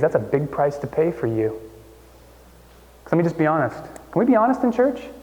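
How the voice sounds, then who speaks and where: A man in his thirties preaching a sermon in a church, conversational and animated, jumping up in pitch to make a point. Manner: conversational, animated storytelling with sudden pitch jumps. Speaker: pastor. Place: church hall. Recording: long hall reverb.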